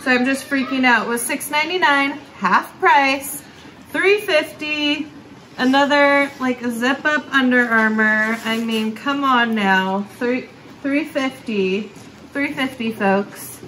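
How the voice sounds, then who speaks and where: A woman's voice: high voice, takes it slowly, bright, forceful tone, a little hiss or hum, poor audio. A woman hosting a casual thrift-haul vlog, chatty and upbeat, laughing often as she shows her finds. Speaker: thrift vlogger and channel host. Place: thrift store, then a barn.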